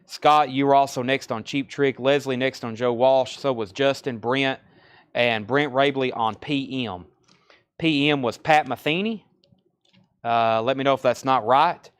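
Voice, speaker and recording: A man from Tennessee with a Southern accent, hosting a live record sale and briskly calling out titles, prices and buyers. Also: medium pitch, fairly even intonation, clean tone. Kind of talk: live-stream sales patter.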